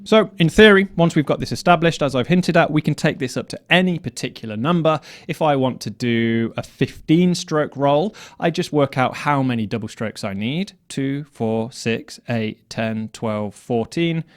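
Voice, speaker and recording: A man's voice: a little high, expressive, moderate pace, hardly any pauses. A man teaching snare drum technique, explaining step by step and counting strokes aloud. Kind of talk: instructional explanation.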